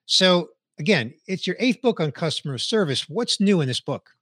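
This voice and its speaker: A man's voice: high voice, big pitch swings, moderate pace, fairly bright tone, no echo. Podcast host man, dry sound. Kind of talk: casual interview questions.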